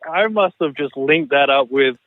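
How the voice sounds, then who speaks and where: A man's voice: medium pitch, normal speed, no echo, phone-quality sound. A man chatting casually as a podcast guest, laughing sheepishly. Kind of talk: casual chat.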